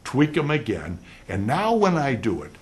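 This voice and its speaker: Animated older man lecturing law. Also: medium pitch, normal speed. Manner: lively, acts out both roles, swings loud and soft. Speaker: lecturer on cross-examination. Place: lecture hall.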